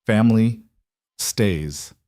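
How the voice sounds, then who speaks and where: A man's voice: on the low side, very slow, dark tone, dry recording, clean studio sound. A man voicing a tough but tender cowboy father in an earnest, emotional way.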